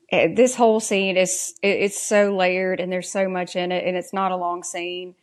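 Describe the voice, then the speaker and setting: With a low voice and flat delivery, a Southern woman co-hosting a podcast takes her time recapping an episode. She casually reads lines from scenes aloud as she goes.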